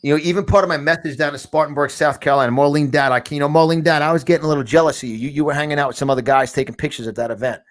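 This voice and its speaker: New york guy hosting his show, fired up and repeating himself, voice a bit high. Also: fairly even intonation, racing, few pauses. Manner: rambling, fired up, repeats words. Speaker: podcast host. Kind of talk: animated talk-show chat. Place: large studio.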